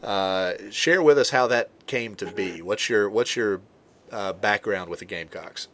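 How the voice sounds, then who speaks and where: A man hosting a casual sports talk show, talking in a halting way with many fillers and restarts. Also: lowish voice, bright, forceful tone, slight background noise.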